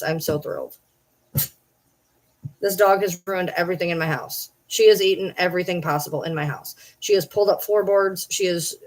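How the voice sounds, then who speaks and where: A woman vlogging from home, ranting in a frustrated, repetitive way and swearing freely. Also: fairly low pitch. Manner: frustrated, swearing, repeats herself. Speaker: vlogger and livestreamer. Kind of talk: casual rant to camera.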